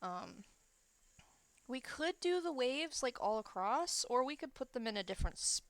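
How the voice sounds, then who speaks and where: A woman streamer talks through her build in a casual, chatty way, often changing her mind mid-sentence. Her voice carries a gravelly fry, sitting right up against a close microphone in a dry, dead-sounding space. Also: sits high, big pitch swings, normal speed, no echo. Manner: chatty, thinking aloud while building, self-correcting. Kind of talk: casual gameplay commentary.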